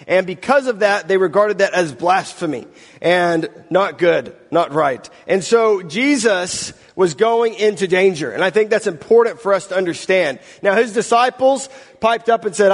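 High-voiced preacher in a reverberant hall. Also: male voice, moderate pace. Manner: conversational, self-deprecating asides. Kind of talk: scripture reading and sermon.

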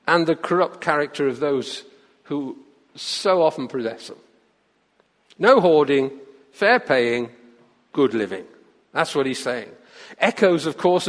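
A man preaching and reading a story aloud as part of a sermon, lively and expressive. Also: a little high. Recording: long reverb of a large church hall.

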